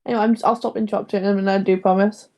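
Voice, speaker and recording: A woman from Newcastle with a Geordie accent, co-hosting a podcast in casual, expressive chat. Her throat is sore, and she laughs easily. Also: medium pitch. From Newcastle, England. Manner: chatty, expressive, quick to laugh. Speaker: podcast co-host.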